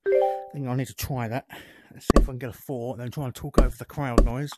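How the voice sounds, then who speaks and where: Medium-pitched and steady, he talks quickly with loud music behind him. As a VR gaming content creator, he offers offhand commentary while playing and adjusting settings, captured by the headset mic amid the game's roaring cricket crowd and bat clicks.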